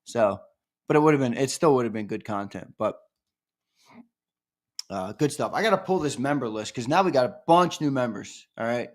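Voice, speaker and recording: A man hosting a casual live-stream sports fan show, chatting with viewers and breaking into loud, excited hollers. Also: medium pitch, moderate pace, pauses often.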